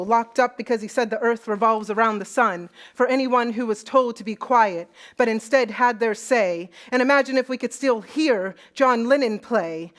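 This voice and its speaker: Poet, female, slightly high voice, rhythmic spoken word delivery onstage at a live event. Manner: rhythmic, building intensity. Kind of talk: spoken word poetry performance.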